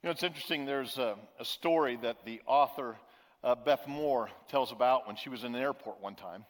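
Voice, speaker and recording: A man preaching a sermon as pastor, telling a story in a relaxed, conversational way with emphatic repetition. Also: a little high, big-room sound.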